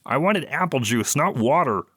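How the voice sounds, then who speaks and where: A man's voice: medium pitch, lively intonation, moderate pace, sharp tone, no echo, studio quality, voice pushed up. A man voicing a petulant young male crewman who whines and complains. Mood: whiny. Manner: whiny, complaining.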